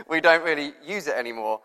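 A man's voice: on the high side, fairly bright tone. A man giving an informal, chatty sermon as a preacher, rambling a little with fillers. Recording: long reverb of a hall.

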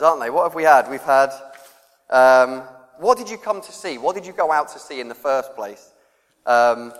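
A man preaching a conversational sermon, acting out quoted voices and laughing often. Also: a little high. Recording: long reverb of a church hall.

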